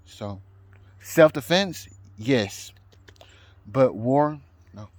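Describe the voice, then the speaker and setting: A man's voice: medium pitch, lively intonation, drawn-out words, no room sound. Hesitant man rambling. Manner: hesitant, many ums and restarts. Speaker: vlogger. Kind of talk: rambling casual vlog. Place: outdoors, then indoors at home.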